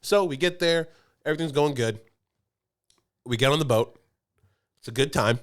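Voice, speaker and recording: A man's voice: on the high side, moderate pace. A man, co-hosting a podcast and telling a rambling story with frequent laughs. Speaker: podcast co-host. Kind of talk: casual chat. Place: podcast studio.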